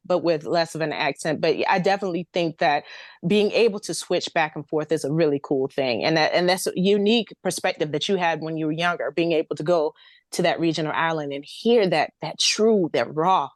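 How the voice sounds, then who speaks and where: A woman from the American South speaks with a light Southern accent in a low, articulate voice. She is expressive and laughs easily as a guest in casual conversation. The recording is dry and close, with no room sound. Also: no echo. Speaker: guest, ghostwriter.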